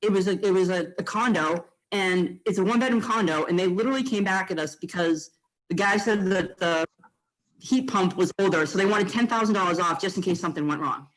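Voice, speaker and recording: Brief: mid-pitched, animated agent, blunt and casual, lots of fillers. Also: a little fast, poor audio. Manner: blunt and animated, with frequent fillers and mild swearing. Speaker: real estate agent. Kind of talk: casual training talk to fellow agents.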